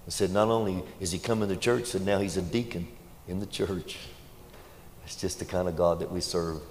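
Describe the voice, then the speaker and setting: A preacher telling folksy, animated stories in a sermon. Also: male voice, deep voice, moderate pace, a little hiss or hum. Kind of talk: sermon storytelling. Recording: echoey hall, faint ambience.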